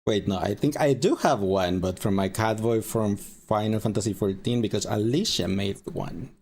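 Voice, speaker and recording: A man streaming a game, chatting casually with viewers and rambling with halting pauses. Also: on the low side, a little mellow. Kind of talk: casual live-stream chat.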